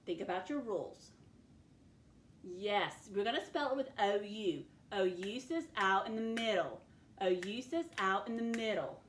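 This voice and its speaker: A woman teaching a phonics lesson to children, patiently sounding out words letter by letter. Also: medium pitch.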